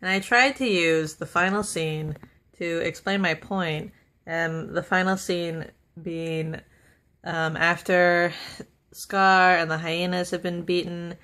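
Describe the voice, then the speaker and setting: A young woman talks casually to the camera in a somewhat low-pitched voice. She gushes with enthusiasm, laughs often and runs her thoughts together with plenty of fillers. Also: fairly even intonation, slow, a bit bright. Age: young adult. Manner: chatty with many fillers and run-on sentences. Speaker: vlogger.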